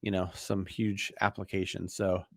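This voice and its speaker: A man hosting a live mortgage Q&A stream, talking in a relaxed, chatty way with lots of fillers and restarts, sounding tired. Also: low voice, moderate pace, vocal fry, no room sound, studio quality. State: tired, yawning.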